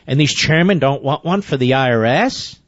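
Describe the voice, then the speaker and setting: A man's voice: medium pitch, animated, normal speed, no echo, dull audio. A man hosting a talk radio show, reading news items aloud and breaking into sarcastic, indignant commentary.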